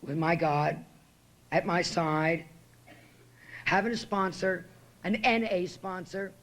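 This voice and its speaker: A woman's voice: on the low side, slow pace, noisy background. A woman speaking at a podium in a meeting room, telling her recovery story in a blunt, profane and emotional way. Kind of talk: personal recovery talk at a meeting.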